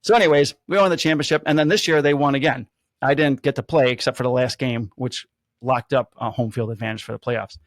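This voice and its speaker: A man's voice: mid-range voice, a little fast, no room sound, clean studio sound. A man, a police officer casually telling stories and acting out the quotes. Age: 50s. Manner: animated storyteller, acts out quotes. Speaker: podcast host, police officer. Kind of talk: casual storytelling chat.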